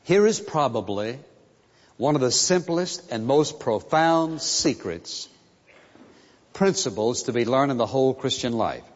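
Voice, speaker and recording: Man preaching slowly in an echoing hall. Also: mid-range voice, lively intonation. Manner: slow, emphatic preaching with repeated phrases. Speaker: pastor. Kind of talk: sermon. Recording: muffled sound in a reverberant hall.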